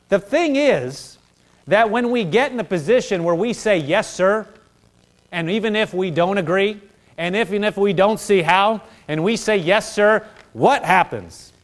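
A man preaching a sermon, asking the congregation questions and acting out humble prayers. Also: high voice.

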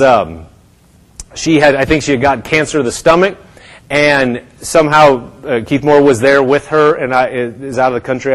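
A man's voice: mid-range voice, low-quality recording. A man preaching a sermon, telling a story and acting out the people in it, from bold declarations down to whispers. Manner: acts out quotes, dropping to a whisper for a sick woman.

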